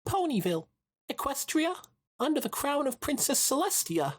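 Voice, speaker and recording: A man voicing a sweet, clumsy young female pony mail carrier in a very high, soft, airy voice. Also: very animated, normal speed. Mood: earnest.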